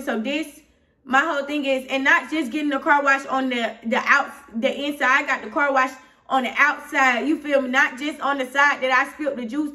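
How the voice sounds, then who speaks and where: High-voiced Atlanta woman telling a story. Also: sharp tone, recorded from a distance. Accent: Southern US, Atlanta. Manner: rambling and candid, frequent "you feel me", growing heated. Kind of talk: casual storytime vlog.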